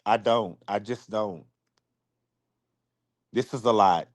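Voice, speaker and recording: A man on a live stream apologizing to his supporters. He is close to tears, speaks haltingly, and often repeats himself or restarts his sentences. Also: lowish voice, no echo.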